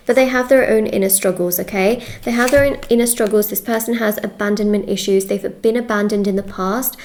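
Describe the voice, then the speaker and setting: A woman's voice: on the high side, darkish tone. A woman giving a casual tarot reading to camera, chatty and repetitive, often checking in with "okay?". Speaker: tarot reader.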